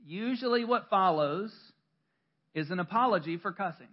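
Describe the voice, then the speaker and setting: A man with a high voice delivers a sermon in a church. His style is conversational and self-deprecating, with stories, restarts and laughter. The recording is dull and lo-fi. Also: expressive, normal speed. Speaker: pastor.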